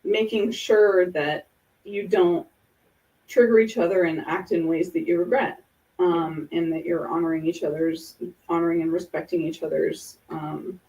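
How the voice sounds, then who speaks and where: A woman's voice: fairly low pitch, flat delivery, normal speed, dark tone, recorded from a distance, muffled recording. A woman hosting a casual podcast, talking through ideas in an earnest, explanatory way with examples. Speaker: podcast host.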